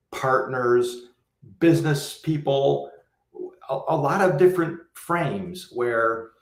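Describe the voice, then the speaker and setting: A man from the US Midwest, a guest on a livestream panel, talking in a measured, articulate way and explaining at length. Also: medium pitch, echoey room.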